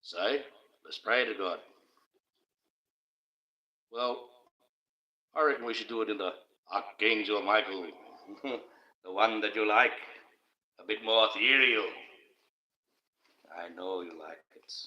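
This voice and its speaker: Older man, livestream host, slow rambling talk, bright lower voice, muffled lo-fi sound. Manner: rambling, jokey, chuckles to himself. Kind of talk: casual livestream chat.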